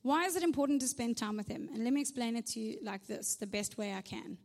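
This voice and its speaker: A woman's voice: on the high side, lively intonation, quick pace, darkish tone, in a large hall. A woman preaching a conversational sermon with humorous asides, often checking in with "right?". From South Africa.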